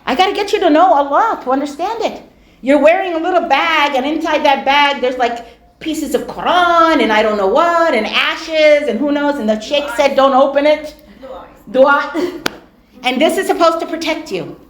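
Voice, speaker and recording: A woman giving a religious lecture as a storyteller, animated, acting out the voices of the people in her stories and repeating words for emphasis. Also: high-pitched, moderate pace. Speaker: Islamic lecturer. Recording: echoey hall.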